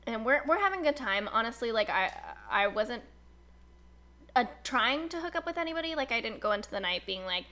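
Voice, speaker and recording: A young woman in her twenties chats through a long personal story, leaning on "like" and slipping into quoted voices as she goes. Her voice sits a little high for a woman, and she keeps the delivery loose and conversational. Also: quick pace. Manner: chatty, fillers like "like", animated retelling with quoted voices. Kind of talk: casual storytelling chat.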